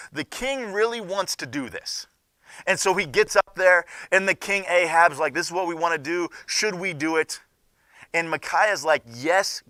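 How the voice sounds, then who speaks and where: A young man teaching a junior high Bible class, retelling the story with lively asides and acting out what the characters say. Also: no room sound, clean studio sound.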